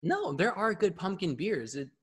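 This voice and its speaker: A man hosting a live podcast, talking in a casual, excitable, rambling way and swearing freely. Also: high voice, moderate pace, breathy edge. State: a bit out of breath. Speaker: podcast host.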